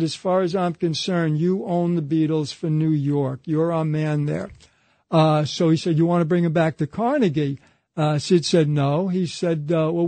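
As a guest in an interview, a high-voiced man with a dark tone tells a conversational anecdote with no echo. He relays it through a chain of quoted dialogue, repeating "he said."

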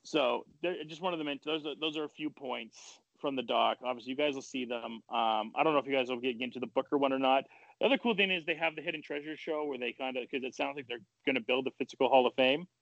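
A man hosting a casual podcast chat, running through news points in a relaxed way. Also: mid-range voice, fast, creaky, dry recording, lo-fi sound. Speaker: podcast host.

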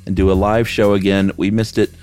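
A man's voice: low-pitched, little pitch movement, brisk, a little mellow, clean tone, soft background music. A man co-hosting a podcast in easygoing casual chat, stuffy from a head cold. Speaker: podcast co-host.

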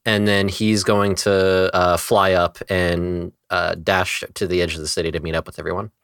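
A man with a very low voice plays in a tabletop game, laid-back and measured. The sound is close and dry. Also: level tone, a bit bright, clear, resonant tone, no room sound. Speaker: player. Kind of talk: tabletop role-play.

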